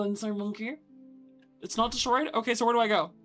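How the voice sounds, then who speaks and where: A young adult woman streaming a video game, talking to her chat with loud exasperated outbursts and swearing. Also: on the high side, fairly even intonation, fairly quick, faint music behind. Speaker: VTuber streamer. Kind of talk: gaming livestream commentary.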